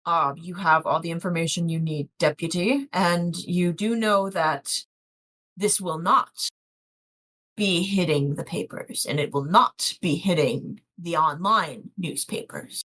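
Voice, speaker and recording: A woman voicing a wealthy, controlling man who speaks slowly and condescendingly. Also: fairly high pitch, pushed and bright, voice pushed down. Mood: cold. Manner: slow, commanding, condescending.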